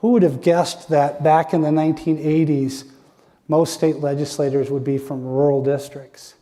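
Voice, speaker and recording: Man, lecture presentation, rhetorical questions, warm soft tone, long hall echo. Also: on the high side, level tone, normal speed. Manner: rhetorical, frequent "right?" tag questions. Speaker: author presenting research.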